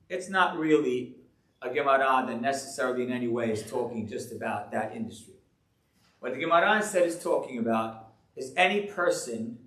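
A man speaking as a rabbi, giving a sermon to a live audience in an animated, joking, rhetorical way. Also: medium pitch, far from the mic. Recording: echoey room.

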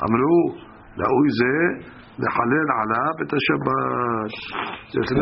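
A man's voice: mid-range voice, quick pace, gravelly, lo-fi sound, noisy background. A man giving a daily Talmud class, reading the text aloud and then translating it in plain talk. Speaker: Talmud teacher.

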